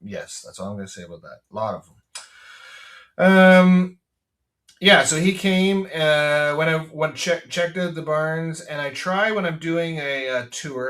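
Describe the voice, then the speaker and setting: A man's voice: mid-range voice, fairly bright tone, distant mic. A Canadian man, a farmer hosting his podcast, talking in a blunt, rambling way with lots of fillers and restarts. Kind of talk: casual rambling monologue. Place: farm.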